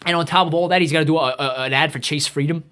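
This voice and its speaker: A man delivering a profane comedic rant in a rapid, exasperated, swearing tirade. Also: on the high side, fairly even intonation, fairly bright tone, smooth. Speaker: comedic ranter.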